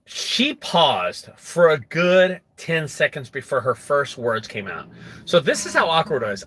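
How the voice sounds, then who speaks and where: A young adult man who runs a junk removal business, telling a story to camera in an animated way and acting out quotes. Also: normal speed, breathy edge. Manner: animated, acts out quotes with rising pitch.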